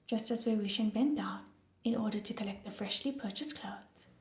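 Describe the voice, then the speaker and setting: A woman narrating an audiobook in a soft, hushed, often whispery voice. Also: mid-range voice, normal speed. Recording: roomy echo with soft music.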